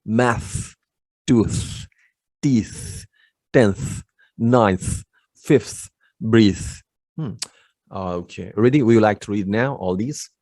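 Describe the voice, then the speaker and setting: A man with a low, gravelly voice leads a pronunciation lesson at an unhurried pace. He drills word after word patiently. The sound is close and dry. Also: a little mellow, dry recording. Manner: slow, patient drilling with short affirmations. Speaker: spoken English teacher.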